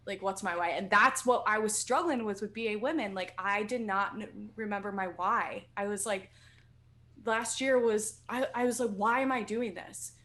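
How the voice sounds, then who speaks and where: A young woman, a podcast guest, talking casually and animatedly, quick to laugh and swear. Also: medium pitch, fairly bright tone. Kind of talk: casual chat.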